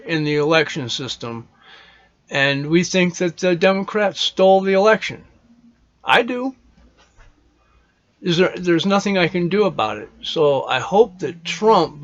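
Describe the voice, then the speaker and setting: A man's voice: fairly high pitch, highs cut off. A man hosting a casual show, rambling through opinions in a loose monologue, swearing often and restarting his sentences. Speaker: podcast host.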